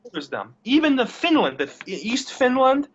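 A man's voice: very high voice, very animated, moderate pace. A young man in a casual interview, rambling and blunt, who swears and repeats his words. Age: young adult. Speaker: interview guest. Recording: dull lo-fi recording.

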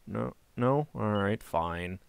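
A man hosting a game playthrough, joking casually and reading item text aloud with excited bursts. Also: lowish voice, slow, vocal fry, smooth, dry recording. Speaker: let's play host.

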